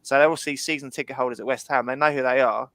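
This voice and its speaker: A man hosting a casual football podcast, blunt and sweary, quick to laugh. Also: medium pitch, fairly even intonation, a bit bright, dry recording, low-quality recording. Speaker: podcast host. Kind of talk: casual chat.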